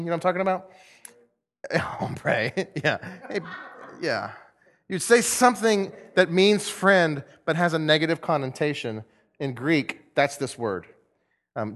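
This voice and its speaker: A man preaching a lively sermon to a group, telling a parable and acting out the voices of its characters. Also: mid-range voice. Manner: animated storyteller, acts out voices.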